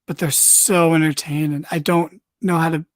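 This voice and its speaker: Rambling excitable podcast host. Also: male voice, a little high, normal speed, no room sound. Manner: rambling, excitable, lots of fillers. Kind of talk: casual wrestling recap.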